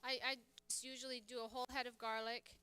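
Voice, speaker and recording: Lady chef doing a cooking demo, high voice, chatty, tells little stories as she chops. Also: little pitch movement, quick pace, bright, forceful tone, clean tone. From United States. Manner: chatty, anecdotal, talks while working. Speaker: guest chef. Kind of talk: live cooking demonstration with storytelling. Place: church hall kitchen demonstration.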